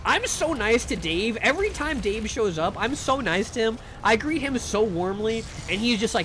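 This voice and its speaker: Male live streamer with a high voice, chatty and profane, over a noisy background. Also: moderate pace, hardly any pauses. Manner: rambling and profane, with excited sing-song greetings. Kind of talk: casual chat with live viewers.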